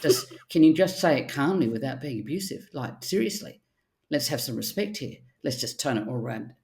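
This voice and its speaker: A middle-aged woman, a therapist speaking in casual podcast chat, animated and blunt, with the odd swear word. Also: rumbling low, moderate pace, gravelly. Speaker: archetypal therapist guest.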